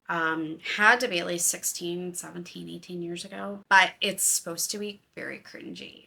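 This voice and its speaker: A woman's voice: lowish voice, gravelly, pushed and bright. A middle-aged woman hosting a podcast, chatting casually and gossipily about her week and TV shows, laughing often. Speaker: podcast host. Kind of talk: casual chat.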